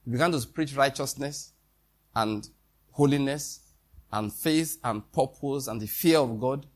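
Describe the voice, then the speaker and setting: A man's voice: mid-range voice, a little slow. A man preaching a sermon in a conversational way, with quoted dialogue and questions to the congregation.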